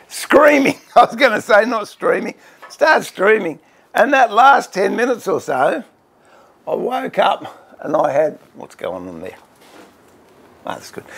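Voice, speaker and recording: A man's voice: high voice, vocal fry, fairly bright tone, husky. A middle-aged Australian man hosting a woodworking livestream, chatting casually and greeting viewers by name with self-deprecating humour.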